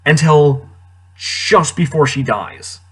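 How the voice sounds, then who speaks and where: A man's voice: fairly high pitch, takes it slowly, breathy edge. A man giving casual, sarcastic commentary on a movie he just watched, incredulous and laughing often. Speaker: movie reviewer.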